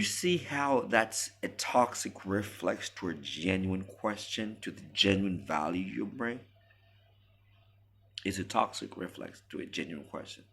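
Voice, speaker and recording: A man's voice: deep voice, expressive, measured pace, vocal fry, a bit bright, slightly rough. A man delivering a preachy, emphatic monologue to camera as a relationship commentator.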